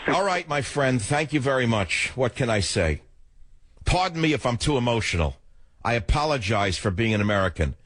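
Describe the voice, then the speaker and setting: On his political talk radio show, an older man delivers an emotional, emphatic monologue at normal speed, his pitch swinging widely. His volume rises and drops, recorded on a studio mic with no room sound.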